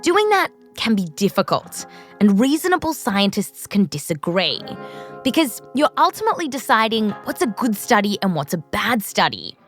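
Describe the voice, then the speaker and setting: Lively Australian woman host. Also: mid-range voice, normal speed, faint music behind. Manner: playful, jokey. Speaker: podcast host. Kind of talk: scripted science narration and interviewing.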